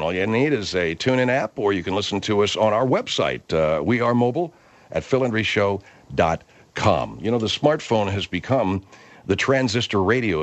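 A brash male radio host on a comedic talk show, combative and quick to yell. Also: lowish voice. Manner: brash, combative, bursts into yelling.

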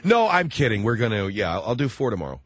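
A man's voice: medium pitch, big pitch swings, quick pace, dry recording. Chatty middle-aged male radio host. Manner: chatty, jokey, rambling. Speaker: radio talk show host. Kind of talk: casual radio chat. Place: radio studio. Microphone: close studio mic.

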